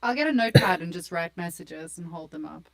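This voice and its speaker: A woman's voice: on the low side, animated, brisk, vocal fry, fairly bright tone. A woman with a South African accent, co-hosting a live stream in a casual, joking, self-mocking way. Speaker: co-host of a live portfolio review stream. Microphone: desk mic on a live stream.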